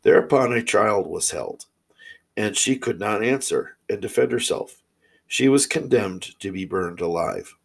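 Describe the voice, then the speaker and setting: Man, fairy tale reading, steady measured storytelling, husky low voice. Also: rough recording.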